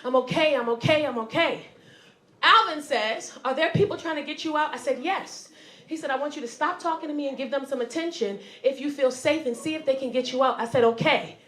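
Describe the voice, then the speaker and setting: A woman stand-up comedian telling a story on stage, animated, acting out voices and sometimes shouting. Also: sits high, brisk, echoey room.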